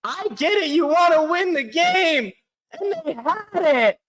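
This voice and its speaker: High, bright-voiced excitable young man. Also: unhurried. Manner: excitable, shouting and anguished at big plays. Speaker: sports podcast host. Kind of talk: live play-by-play reaction.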